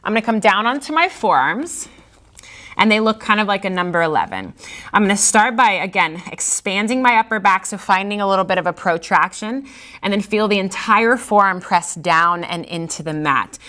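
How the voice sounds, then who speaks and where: A woman's voice: medium pitch, animated, moderate pace, pushed and bright. A woman leading a Pilates reformer workout, calling breaths and counts in an encouraging way, sometimes out of breath. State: out of breath at times. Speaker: Pilates instructor. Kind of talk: guided workout instruction.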